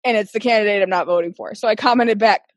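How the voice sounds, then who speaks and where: A woman's voice: medium pitch, fast, no echo, clean studio sound. A woman, telling stories in casual podcast chat, cursing freely and acting out what people said. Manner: profane, animated storyteller, acts out quotes.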